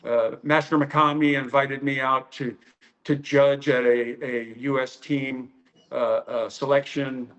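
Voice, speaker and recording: A karate instructor from the United States telling stories in an interview, rambling with many fillers and acting out the quoted lines. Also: male voice, medium pitch, flat delivery, unhurried, fairly bright tone, muffled recording. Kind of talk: storytelling interview.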